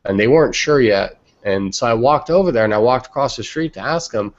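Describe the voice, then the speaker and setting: A man's voice: medium pitch, expressive, quick pace, few pauses. A young man on a podcast telling casual stories bluntly and with plenty of profanity, talking over a remote call. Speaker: podcast co-host. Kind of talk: casual storytelling. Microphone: remote call microphone. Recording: muffled lo-fi online call audio.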